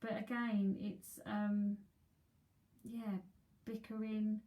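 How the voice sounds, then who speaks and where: A woman's voice: mid-range voice, little pitch movement, very slow, warm tone, slight background noise. Chatty English woman reading tarot. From England. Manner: chatty, addresses viewers by name, repeats words. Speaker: psychic tarot reader. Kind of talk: live-streamed tarot reading.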